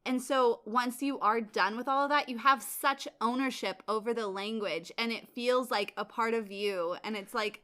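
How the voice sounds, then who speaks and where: Bright, chatty young woman podcaster. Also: fairly high pitch, normal speed, hardly any pauses. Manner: chatty, laughing, self-mocking. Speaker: podcast co-host. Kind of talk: casual chat.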